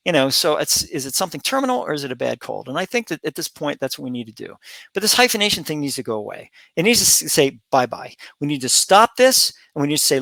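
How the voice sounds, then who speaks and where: A middle-aged man holds forth on his commentary channel in a bright, slightly high voice. He rambles, repeats phrases and stops to restart, filling gaps with "um" and "you know." The sound is close and dry, with no room around it. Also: big pitch swings, fast, creaky, no echo. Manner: rambling, repetitive, with many fillers and restarts. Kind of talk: opinion monologue.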